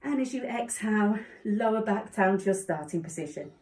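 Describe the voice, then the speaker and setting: A woman calmly guiding a yoga class with encouraging cues. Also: medium pitch, normal speed. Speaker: yoga instructor. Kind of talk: guided exercise instruction. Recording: echoey room, distant mic.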